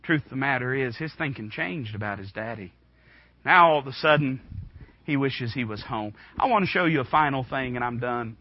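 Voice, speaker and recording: A man in his twenties preaching a sermon in a church, impassioned, swinging from hushed tones to shouting. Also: medium pitch, animated, normal speed, highs cut off. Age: 20s. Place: church room.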